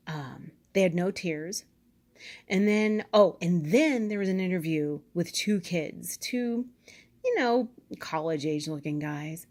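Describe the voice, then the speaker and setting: A woman vlogger talking to camera in a rambling, skeptical, casual monologue. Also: on the low side.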